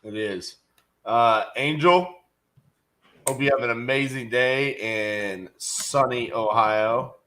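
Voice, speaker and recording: This middle-aged real estate investor speaks slowly in a mid-range voice that sounds pushed and bright, with a little hiss or hum on the recording. As co-host of a relaxed livestream, he reads viewer comments, greets viewers, and spins folksy jokes and stories.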